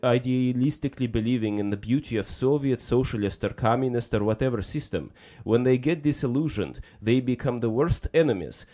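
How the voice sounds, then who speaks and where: A stern Soviet defector lectures in a heavy Russian accent, as a man puts him on. He speaks in clipped, grave phrases at a middling pitch. The manner is cold and matter-of-fact. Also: dark tone, close to an everyday voice. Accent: put-on Russian accent.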